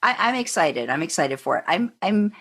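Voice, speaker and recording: A woman's voice: fairly low pitch, very animated, moderate pace, a bit bright. A woman hosting a podcast in casual chat, enthusiastic and rambling with many restarts. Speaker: podcast host.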